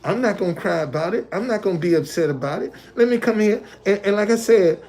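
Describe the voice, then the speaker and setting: A man's voice: high voice, lively intonation, fast, a little mellow. Man repeating himself on a livestream. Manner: repetitive, loose conversational, restates points. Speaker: live streamer. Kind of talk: casual livestream talk. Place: hotel.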